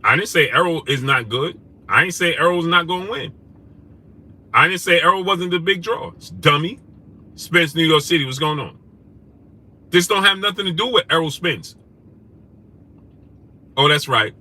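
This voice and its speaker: A man's voice: a little high, normal speed, pauses often. A man hosting a live stream, greeting viewers and firing back at comments in a combative way. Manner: combative, rising to loud indignant questions; greets chat viewers by name. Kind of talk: livestream chat reading comments.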